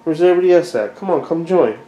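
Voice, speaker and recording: Speaking fast with lively intonation, a young man vlogs from home, a father alternating baby talk with exasperated, profane tirades at his cats. His voice is on the high side yet dark in tone, with slight background noise.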